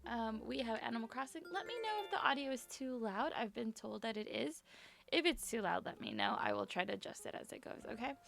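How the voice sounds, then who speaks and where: A young woman streamer chatting casually and apologetically with her viewers from her bedroom at home, rambling from topic to topic in a brisk work voice. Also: a little high, sing-song, gravelly, fairly bright tone. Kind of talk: casual live-stream chat.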